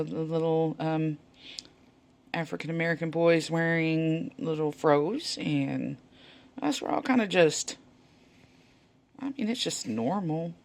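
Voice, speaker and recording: A woman, chatting casually while leafing through old photos, rambling and muttering soft asides. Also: deep voice. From Texas. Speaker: vlogger. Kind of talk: casual reminiscing over a photo album.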